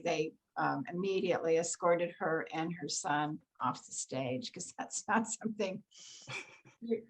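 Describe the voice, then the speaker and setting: Older woman telling lively anecdotes. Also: fairly low pitch, low-quality recording. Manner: animated anecdotal storytelling with laughs. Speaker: guest actress. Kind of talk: storytelling in an interview.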